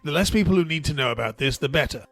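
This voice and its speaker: A man's voice: a little high, animated, racing, creaky, a bit bright, soft background music. Man narrating a tabletop game. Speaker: game master.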